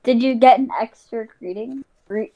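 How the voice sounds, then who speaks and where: A young woman co-hosting a casual podcast with friends, lively and quick to push back. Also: fairly high pitch, dull audio. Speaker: podcast co-host. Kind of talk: casual chat among friends.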